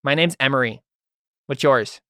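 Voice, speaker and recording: A blunt little boy, as a man game master puts him on, rude and curious. He speaks plainly at a middling pitch, recorded dry and close. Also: moderate pace, bright, forceful tone, no room sound, lightly acted.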